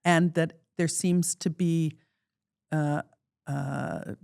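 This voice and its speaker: A podcast host asking thoughtful questions and affirming the guest in a measured way. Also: mid-range voice, steady tone, gravelly, darkish tone, clean tone, no room sound, clean studio sound. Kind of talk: conversational interview.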